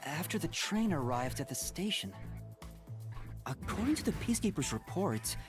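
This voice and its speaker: A man's voice: a little high, very animated, normal speed. A man voicing an earnest young male detective in a video game, talking through clues in a careful, thoughtful way. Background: game music.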